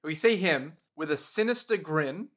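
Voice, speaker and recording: A man co-hosting a casual recap chat, playful and quick to react. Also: a little high, lively intonation, a bit bright. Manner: playful, reacts with gasps and oohs. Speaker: podcast co-host.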